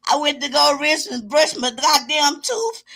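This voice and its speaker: A woman hosting her own live stream, talking straight to her viewers in a loud, exclamatory and preachy way, whooping and cursing as she goes. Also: sits high, animated, measured pace, gravelly.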